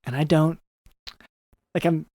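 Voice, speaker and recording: A man hosting a comedy podcast, talking in a halting, hesitant way full of fillers and restarts. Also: a little high, steady tone, dark tone, no echo, clean studio sound. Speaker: podcast host.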